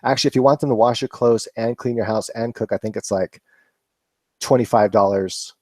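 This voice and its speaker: A man's voice: mid-range voice, a little fast, dark tone, no room sound. A man hosting a live Q&A, chatting casually and rambling with laughs and swearing. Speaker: vlog host answering viewer questions.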